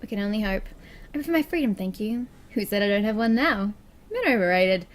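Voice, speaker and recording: A woman's voice: mid-range voice, expressive, fast talker. A woman giving chatty, sarcastic let's-play commentary over a game. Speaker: gaming streamer.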